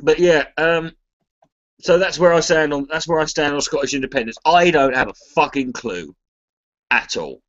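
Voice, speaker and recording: An Englishman with a fairly high, slightly bright voice chats casually to a charity livestream at a moderate pace, rambling, swearing freely, and restarting sentences as he stumbles over them. The audio is somewhat dull and muffled, like a lo-fi stream.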